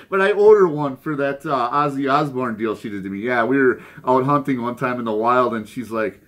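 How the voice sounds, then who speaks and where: A man hosting a vinyl record channel, telling mock news jokes and chatting about his finds, laughing at his own gags. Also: moderate pace. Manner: goofy, laughs at his own jokes, lively pitch swings. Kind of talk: casual joking news segment and haul chat.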